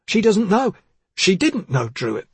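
A man's voice: a little high, lively intonation, fairly quick, husky, no echo, voice pushed up. A man voicing a cornered young male community officer, defensive and pleading. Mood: agitated.

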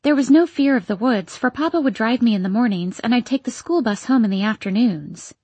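A woman reading a novel aloud in steady scripted narration. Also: on the high side, fairly quick, breathy edge, no echo. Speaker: audiobook narrator.

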